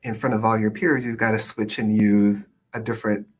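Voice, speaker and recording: A man hosting a live stream as an immigration attorney, talking in a thoughtful, hedging way with many pauses and ums. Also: lowish voice, level tone, soft background music. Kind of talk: conversational live stream chat.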